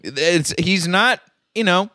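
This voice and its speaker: A man's voice: sits high, lively intonation, slow pace, sharp tone, dry recording. A man hosting a casual podcast, laid-back and dry as he recaps a story. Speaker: podcast host.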